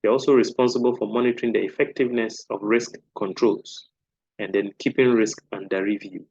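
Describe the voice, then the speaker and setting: A man lecturing on a course topic in an explanatory way, often checking in with a quick "okay?". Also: on the low side, fairly even intonation, a little mellow, dry recording, muffled recording. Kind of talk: recorded lecture.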